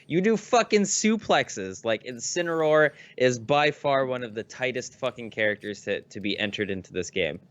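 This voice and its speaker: A man co-hosting a podcast in casual chat, swearing a lot and getting excitable as he tells stories. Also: mid-range voice, moderate pace, few pauses, clean tone, highs cut off. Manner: profane, excitable storyteller. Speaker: podcast co-host.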